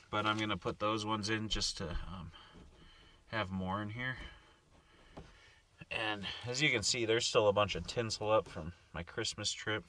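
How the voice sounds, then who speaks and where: A laid-back man rambles through a night in his truck camper, slipping into sing-song baby-talk for his dog. His voice sits low, and he sounds a little distant from the mic, with a faint hiss underneath. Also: fairly bright tone. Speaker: camping vlogger. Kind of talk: casual vlog chat.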